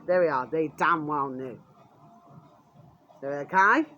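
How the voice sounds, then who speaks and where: A woman's voice: sits low, slow pace, pushed and bright, muffled recording, slight background noise. A British woman vlogger ranting angrily to her channel, swearing constantly and falling back on the same filler again and again. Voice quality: swears constantly, repeats "there we are" as a filler; coarse and blunt. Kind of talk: angry ranting vlog.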